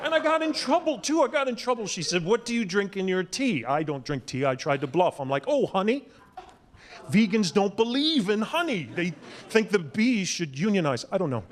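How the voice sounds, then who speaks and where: High-voiced wry stand-up comic. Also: male voice, big pitch swings, normal speed. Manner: wry, punchy delivery with shouted impressions. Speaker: stand-up comedian. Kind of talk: stand-up comedy set. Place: comedy club stage.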